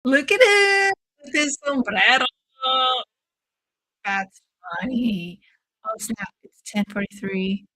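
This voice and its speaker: A woman hosting a casual watch-along stream, excitable and swearing freely, calling everyone "dude" while taking shots. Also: on the high side, takes it slowly, long pauses. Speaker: livestream host.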